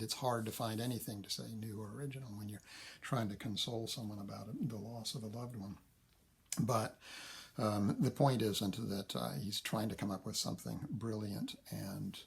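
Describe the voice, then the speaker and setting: Low, gravelly man giving a lecture. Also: a little hiss or hum. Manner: thinking aloud, frequent fillers and self-corrections; reads verse aloud slowly, tapping out meter. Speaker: literature lecturer. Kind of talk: recorded lecture.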